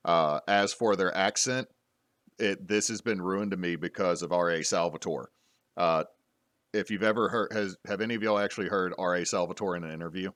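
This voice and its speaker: Here the same kind of tabletop gaming panel is hosted by a man with a low, somewhat bright voice who talks fairly quickly. As podcast host and game master he rambles, restarting often and using fillers, captured in a dry, studio-quality recording.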